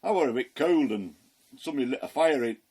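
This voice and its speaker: A man's voice: medium pitch, expressive, fast, mellow, breathy edge. A man playing homely Peter. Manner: chatty, folksy, fillers and chuckles. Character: the apostle Peter, plain-spoken working fisherman. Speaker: Christian ministry performer. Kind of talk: first-person storytelling monologue.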